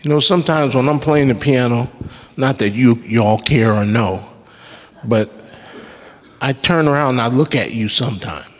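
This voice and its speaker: At medium pitch and ordinary speed, a worship leader gives an emphatic sermon in a church sanctuary. He works in call-and-response and easygoing jokes, while the hall adds a long, trailing reverb.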